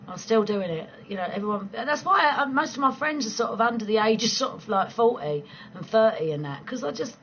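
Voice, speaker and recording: A woman's voice: on the high side, expressive, a little fast, hardly any pauses, a bit bright, highs cut off. A woman, chatting casually and playfully on a late-night livestream from home, swearing freely and laughing often. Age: 40s. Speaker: livestream host chatting with viewers.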